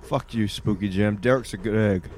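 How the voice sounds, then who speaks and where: A man hosting a crude, casual talk show, teasing his guest in a mock-serious way, his voice sometimes cracking when he gets excited. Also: lowish voice, normal speed.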